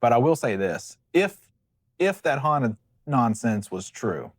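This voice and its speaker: A man's voice: medium pitch, very animated, takes it slowly, dry recording, clean studio sound. A man from West Virginia co-hosting a casual chat, joking and emphatic, often repeating himself. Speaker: co-host.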